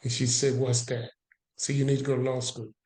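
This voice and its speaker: Male podcast guest, storyteller who plays out both sides of each exchange, mid pitch, echoey room. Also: flat delivery, brisk, a little mellow.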